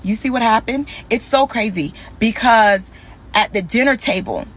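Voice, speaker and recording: A young woman telling a candid personal story in a conversational, animated way, acting out the dialogue as she goes. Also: fairly high pitch, normal speed, a little hiss or hum.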